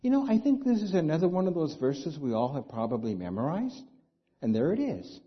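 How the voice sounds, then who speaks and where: A man's voice: a little high, big pitch swings, brisk, husky. A man preaching a sermon as pastor, talking conversationally and asking the congregation rhetorical questions. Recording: dull lo-fi sound.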